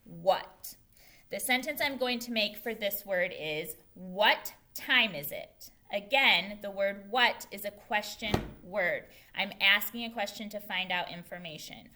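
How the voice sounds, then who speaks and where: A woman's voice: mid-range voice, a little slow, bright, forceful tone, a little hiss or hum. A young woman teacher giving a patient, carefully enunciated phonics lesson to young children. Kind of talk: early-grade phonics lesson.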